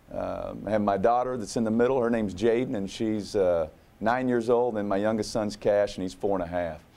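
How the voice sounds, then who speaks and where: A man in his thirties from Oklahoma with a drawl, a new basketball coach speaking humbly and haltingly at a press conference. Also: fairly low pitch, dark tone. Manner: humble, halting, many "uh"s and repeats.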